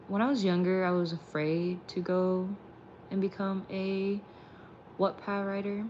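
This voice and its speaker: A woman's voice: medium pitch, level tone, unhurried, highs cut off, over music. A woman hosting a late-night car ride vlog, rambling in casual chat and swearing freely. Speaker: streamer and vlog host.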